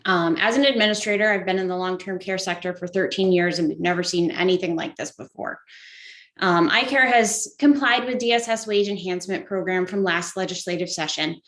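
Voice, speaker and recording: A woman's voice: on the low side, a little fast, fairly bright tone, echoey room. A woman giving prepared testimony at a hearing, formal with frequent fillers. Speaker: nursing home recruitment director testifying.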